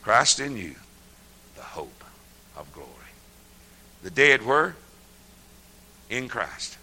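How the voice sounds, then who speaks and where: An older man preaching a sermon, folksy and laughing often, swinging from hushed murmurs to loud shouts. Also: medium pitch, sing-song, slow pace, rough recording.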